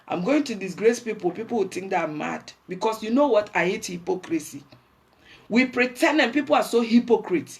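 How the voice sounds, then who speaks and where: A woman's voice: mid-range voice, expressive, a little fast. A woman with a Ghanaian accent, hosting a livestream and delivering a blunt, preachy rant that scolds her viewers. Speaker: livestream host.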